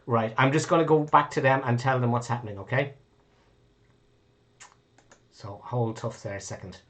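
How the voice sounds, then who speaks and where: A man's voice: mid-range voice, normal speed, fairly bright tone, a little hiss or hum. Man game master, rambling. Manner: rambling, self-correcting, casual swearing. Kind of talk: running a tabletop game online.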